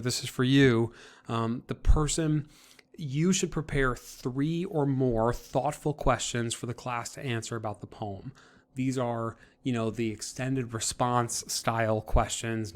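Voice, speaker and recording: Man explaining a class assignment. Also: mid-range voice. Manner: conversational, with fillers and restarts. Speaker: teacher. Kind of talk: classroom instruction video. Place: recorded for an online class.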